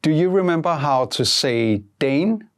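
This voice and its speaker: A teacher giving a scripted language lesson, prompting in a measured way and repeating each answer twice. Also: medium pitch, animated, clear, resonant tone.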